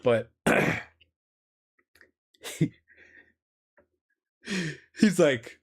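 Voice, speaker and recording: A man's voice: fairly low pitch, measured pace, pauses often. A male streamer telling a rambling story casually, laughing often and correcting himself.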